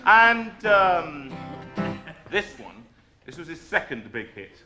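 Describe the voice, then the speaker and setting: A man's voice: high voice, big pitch swings, slow, bright, forceful tone, reverberant. A man hosting a live music show, chatting in a jokey, teasing way between songs. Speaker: singer and host of a live show. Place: music room before a live audience.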